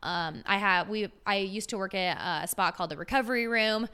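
A woman's voice: mid-range voice, a little fast, bright, forceful tone, clean tone. A woman in her twenties, a fitness trainer, chatting on a podcast in an enthusiastic, slangy way with lots of "like". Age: 20s. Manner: enthusiastic, filler-heavy, uses slang. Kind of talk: casual podcast chat.

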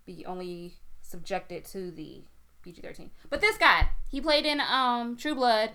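A woman's voice: on the high side, expressive, measured pace, bright, forceful tone, clean tone. A woman co-hosting a podcast in casual chat, chatty and playful, with slangy phrasing. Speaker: podcast co-host.

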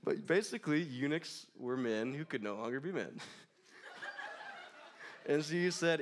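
A man's voice: a little high, lively intonation, measured pace, pauses often, a little hiss or hum. A young man preaching a casual, joking sermon in a church, laughing often between lines. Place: church in front of a crowd.

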